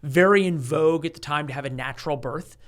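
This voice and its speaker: In an interview, this forties-aged author speaks quickly in a slightly high voice as he relates a story. He keeps restarting sentences, stays animated, and mimics the people he's quoting.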